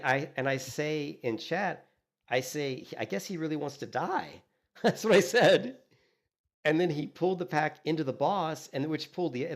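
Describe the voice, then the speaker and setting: A man streaming a game, chatting casually and telling animated stories, acting out what others said and filling in with "you know" and "like". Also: mid-range voice. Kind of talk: casual gaming stream chat.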